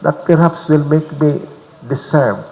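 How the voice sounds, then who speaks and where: A man's voice: a little high, measured pace, warm tone, slight background noise. A man with a Filipino accent, a bishop giving a retreat talk, who mixes English with Filipino phrases and teases the audience with frequent checks of "okay?". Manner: mixes English with Tagalog and Visayan, teasing the audience with repeated "okay?". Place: large retreat hall. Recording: echoey hall recording, faint ambience.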